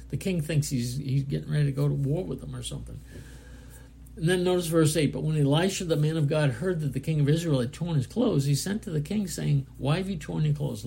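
A man preaching a Bible lesson, reading scripture aloud and explaining it in a casual, halting way with fillers. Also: a little high, vocal fry, mellow, husky. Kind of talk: Bible study sermon, reading scripture and commenting.

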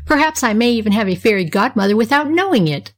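A woman voicing an eager, excitable little girl in a storybook reading, talking breathlessly. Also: on the high side, fast talker, close to an everyday voice. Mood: excited.

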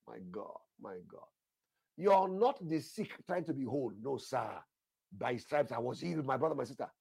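A male preacher delivers a fervent, repetitive sermon and keeps turning to his listeners as sir. His husky voice climbs and drops across a wide range. The sound is close and dry. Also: mid-range voice, lively intonation, normal speed, a little mellow, dry recording. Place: church altar session.

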